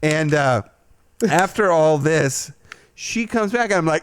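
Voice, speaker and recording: Animated, swearing male podcast host. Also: measured pace, smooth, no room sound. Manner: animated, profane, jumps to a loud high voice when quoting himself. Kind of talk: casual storytelling chat.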